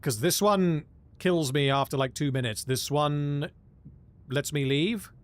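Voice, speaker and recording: A man's voice: on the high side, unhurried. A man streaming a video game, joking and thinking aloud as he plays. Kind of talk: casual live commentary.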